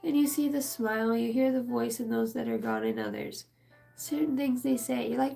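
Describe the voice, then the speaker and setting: A woman's voice: a little high, big pitch swings, normal speed, gravelly, dark tone, faint music behind. A woman giving a casual channeled spiritual reading, rambling and emotional, swearing freely.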